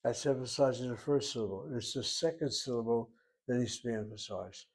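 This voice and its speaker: A man's voice: mid-range voice, husky. Patient man teaching a language lesson. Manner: patient, explanatory, repeats words slowly for pronunciation. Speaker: Hebrew teacher.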